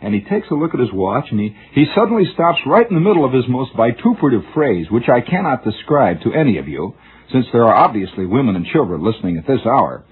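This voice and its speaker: A man's slightly rough, sing-song mid-range voice moves at a quick pace through a rambling radio monologue. He muses and wanders, restarting often, all heard through a tinny old radio broadcast.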